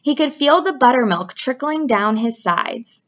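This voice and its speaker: A woman teacher reads a children's book aloud to her class in an expressive, slightly high voice. She stops to chat with her students about the pictures. The recording is muffled and lo-fi. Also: unhurried. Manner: expressive, chatty asides. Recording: dull lo-fi recording.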